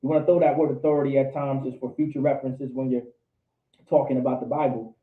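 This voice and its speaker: A man's voice: mid-range voice, little pitch movement, fast. Man, Bible study teacher, questions the class, repeats himself for emphasis, thin phone-like sound, echoing room. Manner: quizzes students, repeats for emphasis. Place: indoor meeting room with a class. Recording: tinny, echoey lo-fi room recording.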